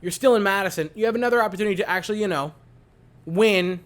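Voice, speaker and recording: A man's voice: sits high, fast talker. Emphatic man giving post-game hockey reaction. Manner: animated, emphatic, repeats points for emphasis. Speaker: hockey fan commentator.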